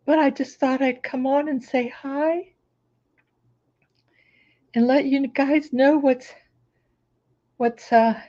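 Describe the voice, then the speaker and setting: Chatty hoarse woman, high and slow, mellow tone, live on a laptop. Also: fairly even intonation, highs cut off. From Florida. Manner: chatty, greets viewers by name. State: hoarse, recovering voice. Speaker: crafting channel host. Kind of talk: casual livestream chat. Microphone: laptop microphone.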